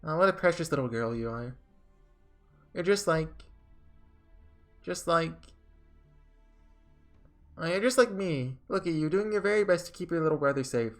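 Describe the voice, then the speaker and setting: A man's voice: fairly high pitch, animated, moderate pace, pauses often, soft background music, pitched above the performer's own voice, natural voice. A man reading aloud as a stern, motherly female warrior from a game who shields children. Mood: tender.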